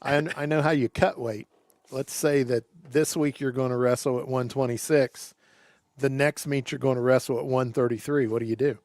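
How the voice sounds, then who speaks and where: A man's voice: medium pitch, fairly even intonation, moderate pace, darkish tone, dry recording, studio quality. A man co-hosting a sports talk show, chiming in with playful jokes and questions. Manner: playful, joking. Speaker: co-host.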